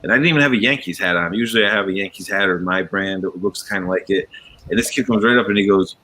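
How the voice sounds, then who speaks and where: A man's voice: sits low, fairly quick, sharp tone. Rambling man, slight New York accent. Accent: slight New York area. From coastal Connecticut near New York. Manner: rambling storyteller, many fillers, acts out quoted voices. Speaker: livestream host. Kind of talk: casual chat while building.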